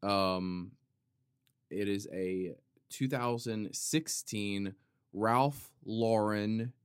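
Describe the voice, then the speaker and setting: A man hosting a podcast, talking in a playful, rambling comedic monologue that wanders off on tangents, with sudden loud outbursts. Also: fairly low pitch, very slow, smooth, no echo, studio quality. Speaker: podcast host.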